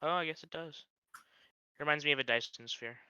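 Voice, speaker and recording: Bright, high-ish man on a dull mic. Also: moderate pace, smooth. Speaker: podcast guest. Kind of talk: casual chat.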